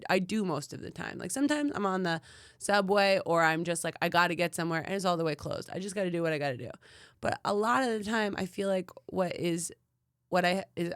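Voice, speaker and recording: In a dry, studio-quality recording, a woman with a fairly low voice co-hosts a podcast. Her casual chat is animated storytelling, heavy on fillers, with quotes acted out.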